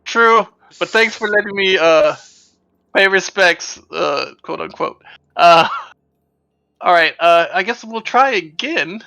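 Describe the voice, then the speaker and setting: High, bright-voiced male player. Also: takes it slowly, vocal fry, no room sound. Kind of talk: tabletop game play on stream.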